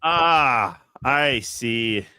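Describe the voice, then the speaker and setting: A man's voice: medium pitch, animated, drawn-out words, bright, forceful tone, clear, resonant tone, no room sound, clean studio sound. A man from Minnesota co-hosting a casual wrestling podcast over a video call, sarcastic and profane. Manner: sarcastic, profane, self-deprecating. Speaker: podcast co-host. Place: home, streaming live.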